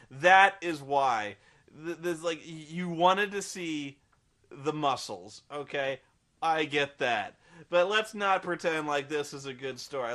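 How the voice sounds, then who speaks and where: A man's voice: medium pitch, fairly bright tone. A man ranting sarcastically through a comedic film review, rambling with frequent restarts.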